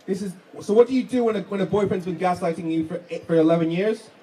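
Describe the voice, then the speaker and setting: A man's voice: high-pitched, quick pace, warm tone, slight background noise, low-quality recording. A man giving an indignant, fiery rally speech full of rhetorical questions at an outdoor street protest. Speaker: protest speaker.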